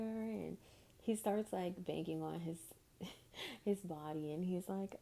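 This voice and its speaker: A woman's voice: lowish voice, fairly even intonation, slow, vocal fry, warm tone. A young woman vlogger telling a storytime tale in a chatty, exasperated way, speaking straight to her viewers. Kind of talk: storytime vlog.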